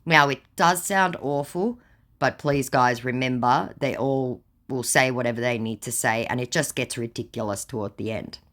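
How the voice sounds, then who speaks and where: A woman's voice: a bass voice, normal speed, a bit bright. A woman hosting a scambaiting channel, reading out a chat in a blunt, scornful way and swearing freely. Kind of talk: narrated chat readout.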